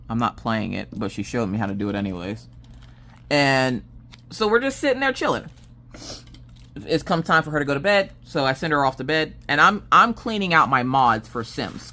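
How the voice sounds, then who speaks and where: A woman vlogger chatting casually about her day while working on a diamond painting craft. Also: rumbling low. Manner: animated, lively storytelling with acted quotes and laughs.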